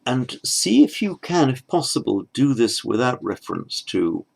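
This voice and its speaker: A man teaching a lesson, explaining each word slowly and carefully, step by step, and stressing each foreign word as he says it. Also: mid-range voice, big pitch swings, gravelly. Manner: slow, careful, stepwise explaining; pronounces foreign words slowly with emphasis. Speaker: Sanskrit teacher. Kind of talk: lecture.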